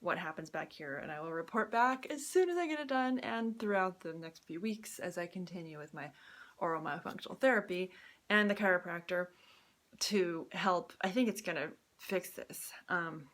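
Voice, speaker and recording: A woman chatting casually on a live video as she demonstrates her own exercises, upbeat and quick to laugh. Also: lowish voice, animated, fairly bright tone. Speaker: vlogger sharing her own experience. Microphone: phone or camera close up.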